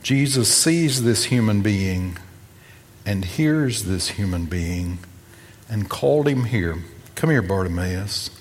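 A man preaching a sermon, telling a gospel story and acting out its voices, moving between loud and hushed. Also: on the low side, animated, takes it slowly. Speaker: pastor. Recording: long reverb of a hall.

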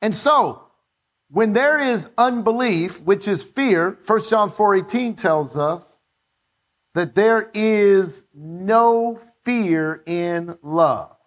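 A man's voice: high-pitched, animated, extremely slow. A male pastor preaching a sermon in church, repeating phrases and calling on the congregation to say them with him.

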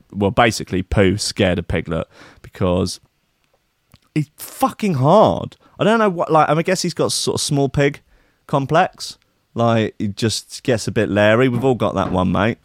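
A man's voice: on the low side, dry recording, clean studio sound. A man hosting a casual news commentary, reading items aloud with irreverent, profane, rambling asides. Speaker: podcast host.

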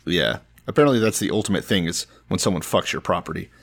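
A man's voice: deep voice, lively intonation, fast talker, vocal fry, fairly bright tone, slight background noise. A man in casual conversation, reading a story aloud and mocking it with crude, sarcastic asides. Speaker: podcast co-host. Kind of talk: casual irreverent chat.

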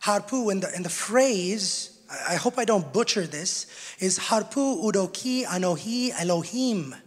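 High-voiced preacher in a reverberant hall. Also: male voice, expressive, measured pace. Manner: swings from shouted preaching to quiet teaching; jokes with the congregation. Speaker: pastor. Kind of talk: sermon. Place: church hall with congregation. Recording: long church hall reverb.

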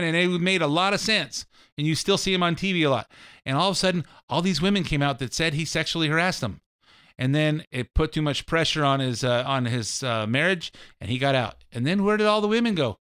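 A middle-aged man holds forth in a blunt, ranting monologue, circling back and repeating his points. His voice sits a little high for a man and comes through smooth and clean. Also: fairly bright tone. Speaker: show host. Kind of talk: opinionated political monologue.

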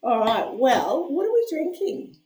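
A woman's voice: sits high, sing-song, measured pace, a loud crowd. A woman hosting a podcast, chatty and laughing, rambling through asides, a little hungover. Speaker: podcast host and storyteller. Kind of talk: casual chat. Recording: echoey room.

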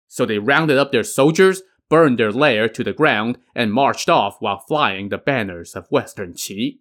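A man's voice: mid-range voice, moderate pace, few pauses, fairly bright tone. A man narrating a classic novel for a podcast, with wry conversational asides. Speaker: podcast storyteller.

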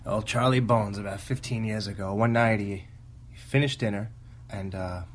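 A man's voice: lowish voice, moderate pace, pitched below the performer's own voice, lightly acted. A man putting on a Boston accent to play an old male gravekeeper who tells a grim tale, drawling and chuckling creepily. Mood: creepy storytelling.

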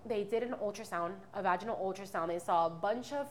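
A woman's voice: medium pitch, fast talker, slight background noise. A woman in her twenties giving a candid, rambling personal testimony as a podcast guest. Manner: candid, rambling, many fillers and restarts.

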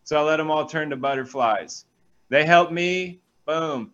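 Animated pastor, man, dull lo-fi sound. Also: on the high side, moderate pace. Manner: energetic, animated storytelling with asides. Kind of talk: reading scripture and preaching in a talk show.

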